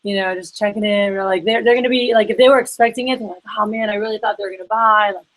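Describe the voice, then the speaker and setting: A woman's voice: mid-range voice, steady tone, fast, rough recording. A woman leading a sales training workshop, talking casually and acting out phone calls with her reps. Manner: chatty, acts out phone calls in quoted voices.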